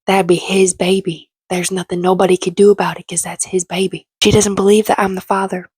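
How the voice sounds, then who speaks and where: A woman's voice: medium pitch, little pitch movement, brisk, a little mellow, breathy edge, no room sound. A woman giving casual, sarcastic, opinionated commentary as she recaps a reality show.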